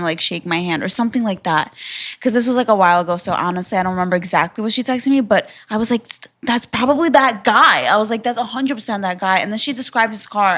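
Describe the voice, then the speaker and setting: A young woman co-hosting a podcast, telling a story in casual chat, full of fillers like "like" and "literally". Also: lowish voice. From from a Russian family. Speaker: podcast co-host.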